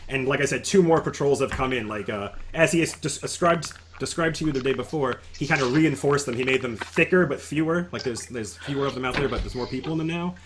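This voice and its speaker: A man's voice: mid-range voice, a bit bright, a little hiss or hum. A man narrating a tabletop game as game master, talking casually with frequent stammers and restarts.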